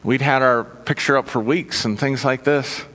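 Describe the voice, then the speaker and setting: Middle-aged male minister, mid-pitched, chatty storytelling sermon with self-mocking humor, recorded with long hall reverb. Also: steady tone, moderate pace, a bit bright. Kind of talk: conversational sermon with personal stories.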